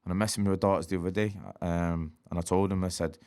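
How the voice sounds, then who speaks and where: A man, speaking as a guest on a candid podcast. His voice sits very low and he talks at a fast clip, streetwise and blunt, with plenty of swearing and repeated check-ins with the listener. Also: flat delivery, a little mellow. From Manchester. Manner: streetwise, swears, repeats "do you know what I mean". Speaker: interview guest, rapper.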